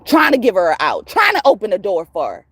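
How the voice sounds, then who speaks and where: A woman's voice: mid-range voice, wildly swooping pitch, fairly quick, husky, dry recording. A woman tarot reader ranting to her viewers in a heated, profane, emphatic way. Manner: profane, emphatic, rising to shouts. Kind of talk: heated casual rant to viewers.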